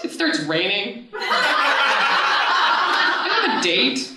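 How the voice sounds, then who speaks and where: A woman in her thirties telling a personal story on stage at a live event, casual and animated, often laughing and swearing as she goes. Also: on the high side, slow pace, pauses often, over a noisy crowd. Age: 30s. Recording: echoey room, voice from far off the mic.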